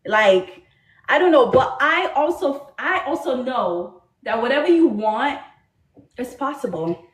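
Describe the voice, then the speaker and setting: High-voiced accented woman talk-show guest. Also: lively intonation, measured pace. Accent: foreign accent. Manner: insistent, defends her point. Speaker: podcast guest. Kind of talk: defensive conversation on a talk show. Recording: echoey room in a played clip.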